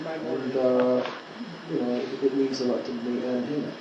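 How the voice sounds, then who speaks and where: A man answering fans' questions in a club, easygoing and joking, with halting restarts. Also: mid-range voice, little pitch movement. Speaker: musician answering fan questions. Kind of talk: casual Q&A. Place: club venue at a fan meeting. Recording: roomy distant muffled audience tape. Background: loud crowd and noise.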